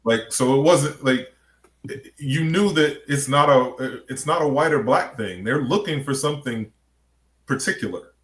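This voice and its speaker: A man joining a casual sports podcast chat and adding calm qualifying remarks. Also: medium pitch, measured pace. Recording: roomy echo, faint noise.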